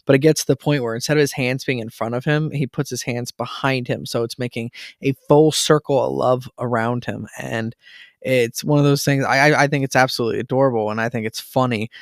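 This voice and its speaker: A man in his thirties hosting a casual solo talk for listeners, earnest and stumbling over repeated words when he gets excited. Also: medium pitch, brisk, no echo, studio quality. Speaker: podcast host.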